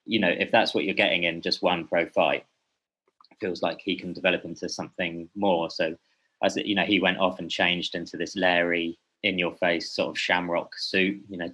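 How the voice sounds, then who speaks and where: On a rough recording, a man with a low, bright, forceful voice appears as a podcast guest. He's a boxing journalist, and in this casual conversation he meanders, hesitates, and keeps correcting himself.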